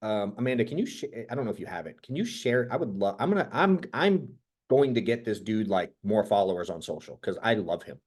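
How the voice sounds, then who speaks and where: A man hosting as a business coach, giving a casual motivational talk to a group in an energetic, rambling, profane storytelling way. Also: on the low side, a little fast.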